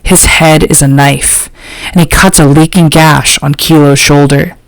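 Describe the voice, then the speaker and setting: Slow, measured woman reading an audiobook. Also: low voice, fairly even intonation, no echo, poor audio. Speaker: audiobook narrator. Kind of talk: scripted narration.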